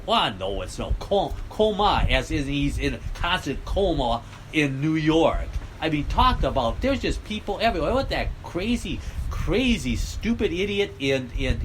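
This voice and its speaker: Heated rambling man, lively pitch. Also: a little hiss or hum, poor audio. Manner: blunt, heated, rambling, sarcastic. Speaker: political vlogger. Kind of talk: rambling rant.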